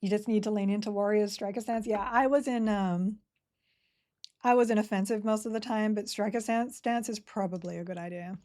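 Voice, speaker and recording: A woman in her forties from Sydney with an Australian accent softened by years in America, chatting casually with her audience while she plays a game and answering chat between moves, her throat a bit dry. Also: mid-range voice, fairly even intonation, a little fast. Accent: Australian, partly Americanized. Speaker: game streamer. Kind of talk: casual live-stream commentary while playing.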